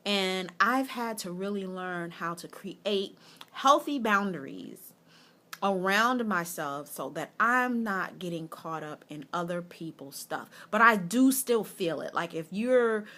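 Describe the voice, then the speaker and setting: A woman's voice: mid-range voice, lively intonation, slow pace. Chatty woman coach talking to camera. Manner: warm, chatty and encouraging, addressing viewers directly. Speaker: life coach. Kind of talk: casual motivational vlog.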